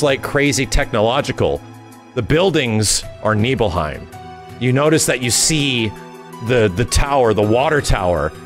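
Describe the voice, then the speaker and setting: An excitable man rattles through a game recap, swearing and humming the music, his voice leaping all over the place. A soft bed of music plays behind him. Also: medium pitch. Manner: excitable and profane, with lots of fillers and sung hums. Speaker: gaming channel host.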